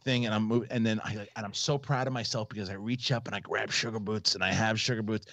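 A man's voice: lowish voice, fast, creaky, dry recording. A man in his forties hosting a casual comedic chat show, telling family stories with lots of swearing and acted-out quotes. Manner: animated storyteller, swears freely, acts out quotes. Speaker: podcast host.

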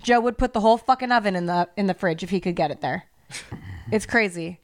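A woman's voice: mid-range voice, fast. A woman co-hosting a podcast, ranting heatedly and swearing freely in casual chat. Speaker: podcast co-host.

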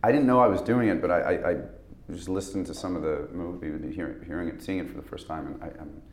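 A man in a casual interview, talking about his acting work in a halting, rambling way with many restarts. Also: low-pitched, roomy sound. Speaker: actor guest.

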